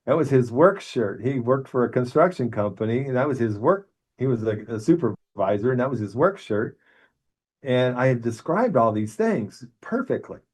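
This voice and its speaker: An older man in his sixties, who lives in Arizona, tells his own near-death story in a plain mid-pitched voice. He talks earnestly, stumbles over restarts, and rises in energy when he quotes the paramedics. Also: husky. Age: 60s. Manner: earnest, animated when quoting others, halting restarts. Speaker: guest telling his near-death experience. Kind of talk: personal storytelling.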